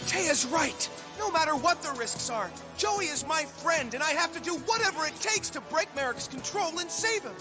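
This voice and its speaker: A man's voice: extremely high pitch, lively intonation, normal speed, hardly any pauses, over music. A man voicing a determined young boy hero in a dubbed cartoon, speaking earnestly. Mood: resolute. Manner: earnest, resolute. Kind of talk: cartoon dub acting.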